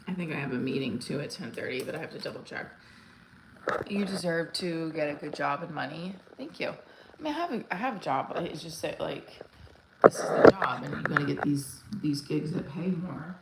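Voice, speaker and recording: Talking fairly fast in a low, vocal-fried voice with lively intonation, a forties-aged comedian chats on a livestream from home. She rambles, full of fillers and false starts, in an echoey room with faint background noise.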